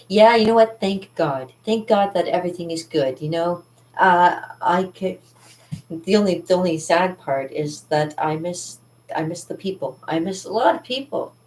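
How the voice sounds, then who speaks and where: Rambly woman showing off her paintings, lowish voice, kinda far from the mic in an echoey studio. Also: a little mellow, a little hiss or hum. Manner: chatty, rambling, laughs often. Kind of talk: casual studio vlog. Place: art studio indoors. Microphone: camera mic, moving around the room. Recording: roomy studio, voice from a distance.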